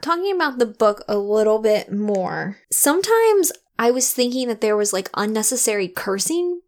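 A woman co-hosting a podcast in casual chat, chatty and quick to laugh. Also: a little high, very animated. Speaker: podcast co-host.

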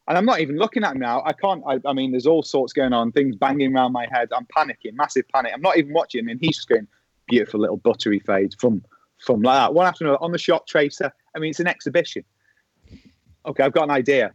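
A middle-aged man spins a lively anecdote, jumping into the voices of the people in his story. His voice sits at an ordinary pitch, and the recording is dry with a slightly dull, lo-fi edge. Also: fast talker, no echo. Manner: animated storyteller who acts out quoted voices. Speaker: podcast guest, former pro golfer. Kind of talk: casual anecdote telling.

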